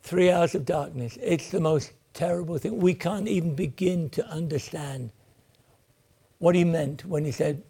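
A man's voice: fairly high pitch, a little slow, creaky, mellow, breathy edge. A man preaching a sermon in an earnest voice that swells and then sinks almost to a whisper. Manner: earnest, rises and falls, drops to near whispers.

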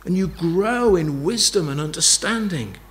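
A man's voice: high-pitched, expressive, unhurried. A man preaching a sermon, emphatic, repeating key phrases and asking rhetorical questions.

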